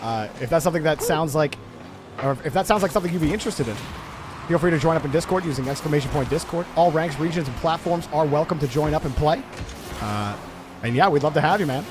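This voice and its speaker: Excitable high-voiced male esports caster. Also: quick pace, background noise. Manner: excitable, joking, chats with viewers. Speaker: game commentator and streamer. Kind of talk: live-streamed esports play-by-play.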